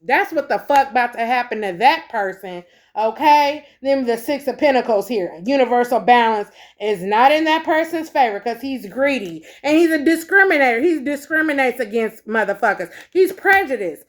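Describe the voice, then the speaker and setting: A woman's voice: fairly high pitch, expressive, moderate pace. Profane, emphatic tarot-reading woman. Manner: profane, emphatic, repeats herself; calls listeners baby and collective. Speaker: tarot reader. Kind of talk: spiritual tarot reading to viewers.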